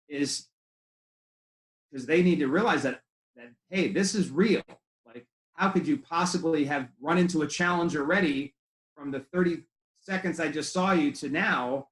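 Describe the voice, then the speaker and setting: A man's voice: fairly high pitch, echoey room, poor audio. A man coaching chiropractors in a conversational way, telling stories with quoted dialogue. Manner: conversational storytelling with acted quotes. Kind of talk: training talk to chiropractors.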